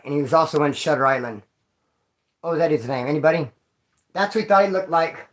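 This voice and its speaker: Male vlogger, casual storyteller, slangy and jokey, rambling delivery. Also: fairly high pitch. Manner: rambling, slangy and joking, calls viewers homeboy and dog. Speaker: vlogger telling prison stories.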